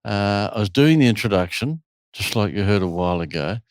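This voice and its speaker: Animated male storyteller, dry sound. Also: fairly low pitch, brisk, dry recording. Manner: animated storyteller, acts out quotes. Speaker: retreat host. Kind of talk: storytelling in an interview.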